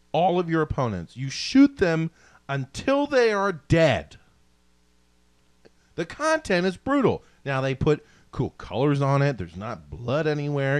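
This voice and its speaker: Animated, lively-voiced man ranting casually. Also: a little high, dry recording. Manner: animated, swearing, self-mocking rants. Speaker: podcast co-host. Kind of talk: casual chat.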